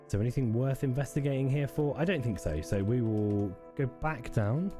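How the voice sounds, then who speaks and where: A man streaming a game, making relaxed, offhand asides between reading dialogue. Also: medium pitch, fairly quick, music in the background. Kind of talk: let's play commentary reading game dialogue.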